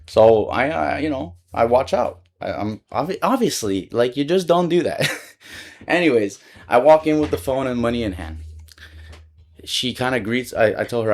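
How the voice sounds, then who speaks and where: A man's voice: mid-range voice, lively intonation, moderate pace, darkish tone. A young man telling a personal story in a casual vlog, rambling and slangy, filling his talk with "like" and swearing freely.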